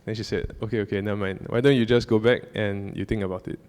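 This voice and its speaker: A man's voice: lowish voice, steady tone, fast talker, a little mellow, clear, resonant tone. A young man tells a personal story as a casual church talk, rambling with many fillers and restarts. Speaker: church speaker. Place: church hall. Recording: long hall reverb.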